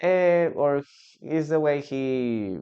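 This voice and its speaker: Peruvian guy teaching english slow, smooth voice, kinda dull lo-fi sound. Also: a little high, lively intonation. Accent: Peruvian Spanish. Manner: slow and deliberate, repeating words for learners. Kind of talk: online English lesson.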